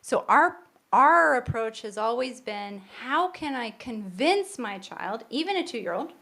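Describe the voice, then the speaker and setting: A woman's voice: a little high, expressive, measured pace, creaky, sharp tone. Earnest woman co-hosting a parenting podcast. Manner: earnest, explains at length with restarts. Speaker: podcast co-host. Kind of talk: casual podcast conversation.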